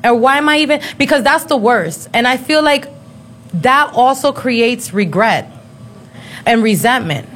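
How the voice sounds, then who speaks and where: A woman in her thirties talking in a casual chat, blunt, profane and quick to laugh. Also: fairly high pitch, expressive, a bit bright. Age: 30s.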